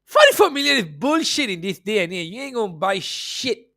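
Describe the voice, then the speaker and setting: A man's voice: high-pitched, very animated, a little fast, vocal fry, sharp tone, no echo, clean studio sound. A man hosting a football podcast, delivering a profane, mocking rant. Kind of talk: ranting football commentary.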